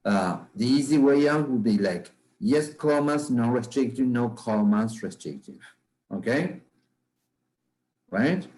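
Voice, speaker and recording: A male teacher lecturing on grammar in a slow, unhurried delivery. His voice is dark and mellow, and he keeps checking in with his students with a quick "okay?" or "right?" at mid pitch. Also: animated, low-quality recording. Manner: measured, often checks understanding with "okay?" and "right?".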